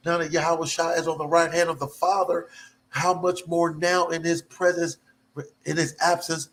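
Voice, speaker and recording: A man preaching a sermon, fervent and repetitive, breaking into sudden high whoops. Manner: slow and drawn out.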